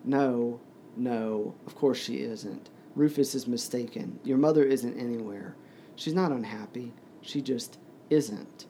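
A man's voice: mid-range voice, a little slow, dark tone, a little hiss or hum, natural voice. A man reading aloud and voicing a patronizing adult man who speaks drily and dismissively. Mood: soothing. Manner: dry, dismissive.

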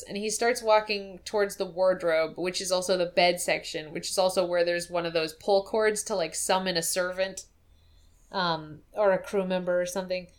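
A woman's voice: mid-range voice, moderate pace. A woman in casual chat, recapping a game's plot and acting out the characters' lines as she goes. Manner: animated storyteller, acts out quotes. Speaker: podcast co-host.

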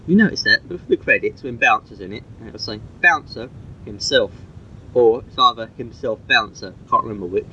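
A man's voice: mid-range voice, expressive, a little fast, pushed and bright. A man recording a rambling, chatty cassette tape message, full of fillers. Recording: muffled old cassette tape with hiss.

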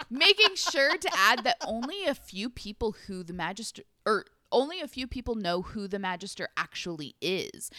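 A woman's voice: medium pitch, bright, forceful tone, no room sound, clean studio sound. A young woman recapping a book's plot in casual chat, with sarcastic asides and frequent laughter. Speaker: podcast co-host recapping a book.

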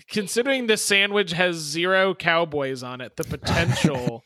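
A man co-hosting, trading joking deadpan asides in casual banter. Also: a little high, measured pace, no room sound, clean studio sound. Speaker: co-host player.

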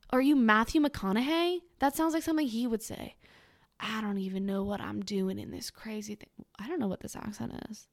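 A woman's voice: medium pitch, vocal fry. Young woman podcaster, dry sarcastic running commentary. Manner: sarcastic, wry, mocking. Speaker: podcast host.

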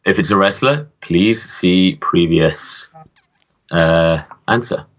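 A man with a very low, deep voice trades casual podcast banter, blunt and dry in his teasing. The recording sounds dull and lo-fi. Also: slow, fairly bright tone. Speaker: podcast co-host. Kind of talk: casual chat.

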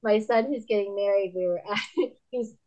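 A woman in her fifties, a podcast guest and author, telling candid stories in a lively way, laughing often and acting out other people's lines in a higher voice. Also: moderate pace, dull audio. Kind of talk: candid conversational storytelling.

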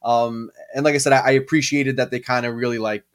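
A man's voice: mid-range voice, flat delivery, quick pace. A man co-hosting a podcast in casual chat, rambling and hesitant, full of fillers and restarts. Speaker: podcast co-host.

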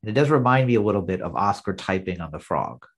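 Husky-voiced man recapping a sitcom. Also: low voice, animated, fast talker. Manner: narrates scenes, acting out the lines. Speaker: podcast co-host. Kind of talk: casual chat recapping an episode.

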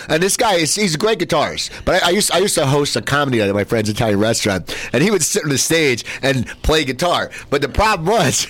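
A man hosting a casual talk show, rambling and stammering as he tells stories with excitement. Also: fairly high pitch, fast, hardly any pauses, no echo. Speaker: host. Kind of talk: casual chat.

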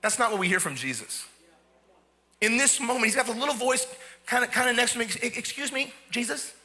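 A man's voice: very high voice, sing-song, fast, bright, forceful tone. A male pastor preaching a sermon in an emphatic way, asking the crowd rhetorical questions and often repeating words.

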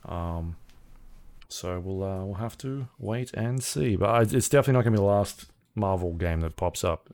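A man co-hosting a casual games podcast, relaxed and loose, swearing freely. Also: lowish voice, normal speed. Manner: relaxed, swearing, acts out silly skits in a raised voice. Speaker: podcast co-host. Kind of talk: casual chat.

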